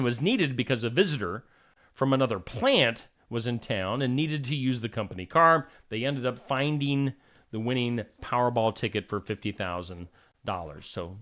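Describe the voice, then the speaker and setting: A man's voice: medium pitch, bright, forceful tone. A male host reading odd news stories aloud and adding wry asides between them.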